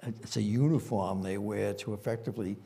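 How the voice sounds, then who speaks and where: A man's voice: fairly low pitch, steady tone, a little fast, vocal fry, dark tone, husky. An older man with a Boston accent, a former police chief telling rambling anecdotes with frequent fillers at a conference panel.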